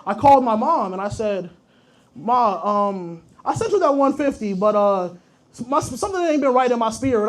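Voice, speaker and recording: A man's voice: very high voice, animated, moderate pace. A young man performing a profane, rambling stand-up comedy set, telling stories straight to the crowd. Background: audience laughter.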